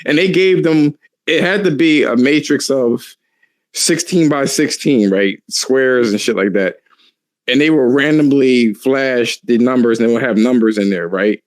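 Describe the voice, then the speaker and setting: A man co-hosting a podcast, chatting casually with profane, animated storytelling and frequent laughter. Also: mid-range voice, dry recording. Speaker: podcast co-host. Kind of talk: casual chat.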